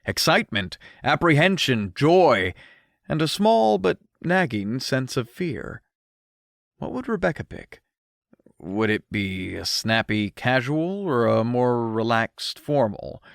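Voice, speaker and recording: A man narrating an audiobook in an expressive first-person storytelling manner, recorded on a close studio mic. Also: medium pitch, slow, gravelly, no room sound.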